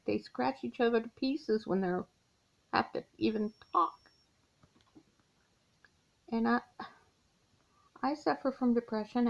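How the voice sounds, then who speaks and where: A middle-aged woman records a personal confessional vlog at her mother's house, talking slowly in a weary, heartfelt way and sighing as she confides. Her voice is on the high side and creaky, and the home recording sounds dull and lo-fi.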